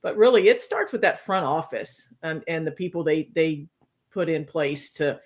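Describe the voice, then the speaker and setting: A woman's voice: low voice, lively intonation, moderate pace. A woman co-hosting a podcast in casual chat, enthusiastic and rambling, often restarting her sentences. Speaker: podcast co-host.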